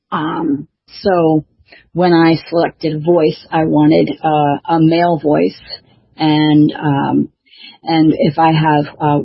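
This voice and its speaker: Husky, hesitant woman author. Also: deep voice, no echo. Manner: hesitant, full of fillers and restarts. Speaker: author and show host. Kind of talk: casual chat. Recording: dull lo-fi dry recording.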